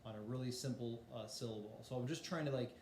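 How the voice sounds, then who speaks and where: A man's voice: mid-range voice, fast, darkish tone, reverberant, slight background noise. A man teaching a voice lesson in a casual, explanatory way, demonstrating breathing and singing exercises. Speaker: music teacher.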